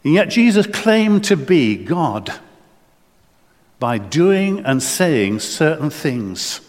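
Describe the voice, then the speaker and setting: Man, preacher, sermon, earnest, higher voice, restarts and repeats words, long church echo. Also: sing-song, slow pace.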